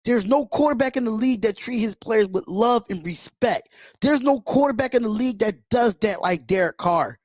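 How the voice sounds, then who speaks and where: Heard with no echo in studio quality, a man with a voice that sits high talks at normal speed. He hosts an emotional fan reaction livestream, bluntly, passionately and with plenty of swearing.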